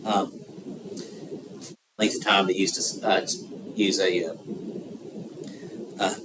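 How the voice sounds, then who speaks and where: A man with a Southern American accent giving an unscripted geography lecture, rambling with many filler pauses. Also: low-pitched, level tone. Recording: distant mic with noticeable background noise.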